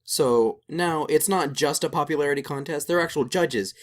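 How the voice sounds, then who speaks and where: In a relaxed podcast conversation, a young male co-host talks with animation and wanders through his points, packing in fillers. He speaks at a moderate pace with a fairly high pitch.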